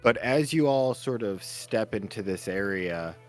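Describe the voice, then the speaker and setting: A man narrating a tabletop game as game master, relaxed and full of fillers. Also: lowish voice, a little slow, faint music behind.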